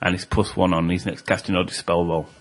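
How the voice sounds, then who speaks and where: Low-ish british guy on a gaming podcast, laid back, lots of ums while he explains rules. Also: brisk. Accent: British English. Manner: relaxed, explains rules at length with fillers. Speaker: podcast co-host. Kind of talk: casual tabletop gaming chat.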